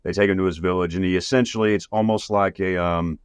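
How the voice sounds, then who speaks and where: Man, very deep voice, rambling, profane, casual podcast chat. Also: fairly even intonation, quick pace, clear, resonant tone, dry recording. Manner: rambling and profane, lots of fillers. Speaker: podcast host.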